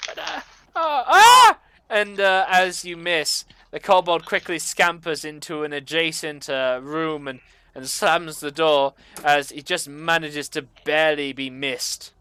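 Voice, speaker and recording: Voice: mid-range voice, steady tone, measured pace, bright, forceful tone, clean tone. A game master narrating a tabletop game, describing scenes loosely with many fillers.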